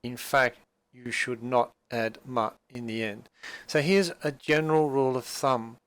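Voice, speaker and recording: A man's voice: medium pitch, steady tone, a little slow, fairly bright tone, clean tone. A man teaching a language class, explaining a dialogue patiently with frequent fillers and restarts.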